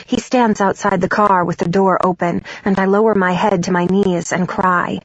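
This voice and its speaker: A woman narrating a first-person audiobook in a steady, even way. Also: medium pitch, normal speed, no echo. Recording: dull, dry studio recording.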